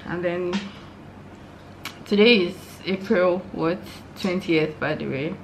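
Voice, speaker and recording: Filmed indoors in her room at home, this Nigerian vlogger in her twenties talks frankly and casually to viewers, laughing a lot. She speaks slowly in a lowish voice. The rough recording carries a little hiss or hum.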